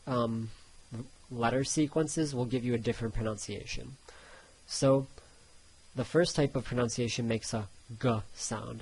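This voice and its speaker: A man in an Italian pronunciation lesson, his voice slightly husky and his delivery slow. He drills each example word twice, then drifts into relaxed, rambling explanation. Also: mid-range voice, low-quality recording. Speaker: Italian tutor.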